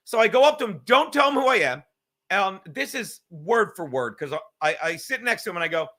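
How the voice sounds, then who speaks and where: Male podcast host, New York accent, lively storyteller; high, bright tone. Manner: animated storyteller, swearing, quick asides. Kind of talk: casual chat.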